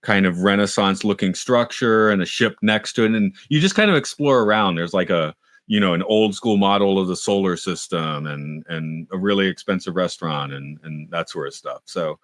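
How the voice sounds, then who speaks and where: A man's voice: low voice, moderate pace, a bit bright, dry recording, clean studio sound. A middle-aged man co-hosting a podcast, rambling and self-mocking, with frequent restarts. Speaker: podcast co-host. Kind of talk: casual chat.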